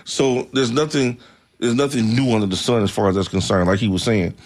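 A man hosting a talk radio show, telling stories in an animated way and laughing easily. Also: medium pitch, fairly quick.

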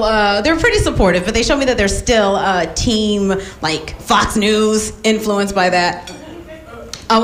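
A woman from the American South performing an animated, self-mocking stand-up set before a loud audience. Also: mid-range voice, echoey room, slight background noise. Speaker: stand-up comedian. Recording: live stage with loud crowd.

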